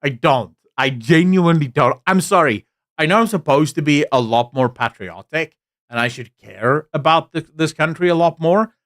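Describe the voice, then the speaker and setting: A man's voice: on the high side, lively intonation, normal speed, fairly bright tone, no echo. Blunt man, South African-tinged accent, dry sound. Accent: mixed English accent with South African traces. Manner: blunt, candid, rambling with fillers. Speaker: live-stream host. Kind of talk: live-stream political commentary, reading chat.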